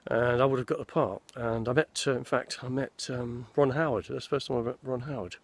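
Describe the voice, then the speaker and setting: The mid-range voice of a man in his sixties stays steady and a little fast, with no echo. An actor, he is outdoors in a forest, rambling casually through stories of his films and restarting his sentences as he wanders.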